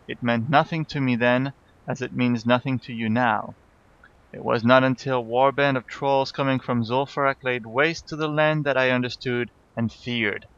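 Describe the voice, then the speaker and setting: A man's voice: medium pitch, steady tone, normal speed, a bit bright, no echo, muffled recording, lightly acted. A man voicing a scarred old human warrior, telling a grim tale in a solemn way. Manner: solemn storytelling.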